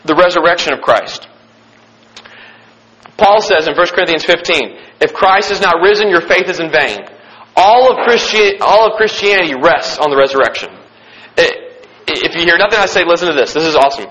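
Bright-voiced excited young preacher man. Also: fairly high pitch, moderate pace, poor audio. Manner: emphatic and excited, repeating key phrases; frequent restarts and fillers. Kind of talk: sermon with scripture reading.

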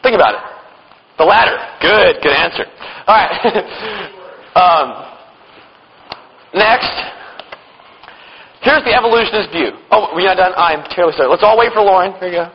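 A man's voice: sits high, lively intonation, moderate pace, long pauses, a little hiss or hum. A man teaching from the Bible at a church conference, mixing jokes and sarcastic asides into his talk. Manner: joking, with sarcastic asides and chuckles. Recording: dull, lo-fi hall recording with long reverb.

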